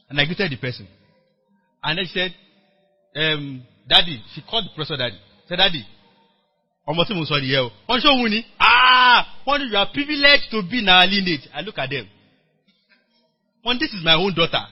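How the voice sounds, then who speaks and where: A Nigerian man preaching a sermon as pastor to a workers meeting, telling a story with animated acted-out dialogue and calling on the congregation to respond. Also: on the high side, breathy edge. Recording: dull lo-fi church recording.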